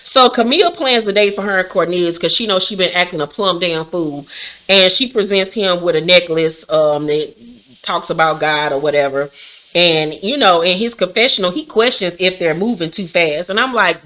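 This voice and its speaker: A woman hosting a casual, profane recap of a reality show, talking in a sassy, blunt and animated way with sudden shrieking outbursts. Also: fairly low pitch, moderate pace.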